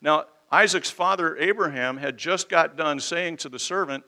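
Male preacher, bright and fairly high, emphatic and conversational, leans on rhetorical questions. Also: normal speed, few pauses. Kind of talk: expository sermon.

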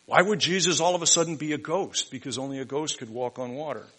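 A man preaching a sermon in a bright, forceful voice. He drops to near-whispers in reflective moments, then rises to loud, emphatic declarations. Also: on the high side, quick pace, husky, low-quality recording. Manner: dynamic preaching, swings from hushed to loud emphatic. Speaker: pastor.

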